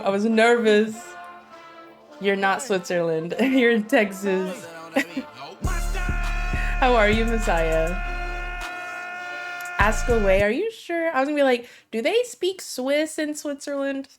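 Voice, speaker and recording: A woman's voice: on the high side, takes it slowly, pauses often, soft background music. An American woman chatting casually on a live stream, bubbly and self-deprecating, laughing often. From United States.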